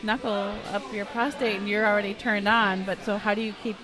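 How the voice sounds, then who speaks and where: A woman in her thirties from Wisconsin co-hosts a relaxed chat and cuts in with frank questions. Her pitch is middling and she tells her anecdote in a conversational flow. Other voices murmur in the background. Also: fairly quick, a crowd in the background. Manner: chatty, asks blunt follow-up questions. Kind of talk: casual podcast chat.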